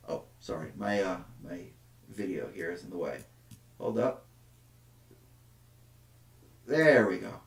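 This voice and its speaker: Animated man lecturing in an echoey room. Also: low voice, slow pace, pauses often. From United States. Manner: emphatic, slips into the voice of a rousing nationalist orator. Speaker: history teacher. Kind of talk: classroom lecture. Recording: echoey room, mic at a distance.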